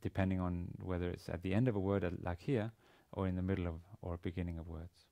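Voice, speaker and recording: Man, lecturer, low pitch, warm tone, hesitant, many ums and restarts. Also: level tone, vocal fry. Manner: halting, with many fillers and restarts. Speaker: university lecturer. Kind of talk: recorded language lesson.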